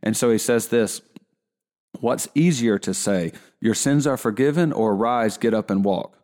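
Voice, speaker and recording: A man giving a relaxed Bible lesson in a conversational way, often restarting his sentences. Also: mid-range voice, unhurried. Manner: conversational, with frequent restarts and fillers. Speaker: Bible teacher.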